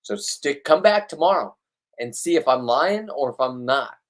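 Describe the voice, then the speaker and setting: A man with a slightly high, expressive voice talks at a moderate pace to the camera in a casual fishing vlog. He's blunt and rambling, often cracking jokes at his own expense.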